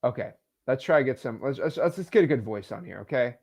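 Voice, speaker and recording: A man hosting a live stream, talking casually and excitedly to his chat and joking with the viewers. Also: medium pitch, brisk, husky. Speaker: host of a live stream on real estate cold calling.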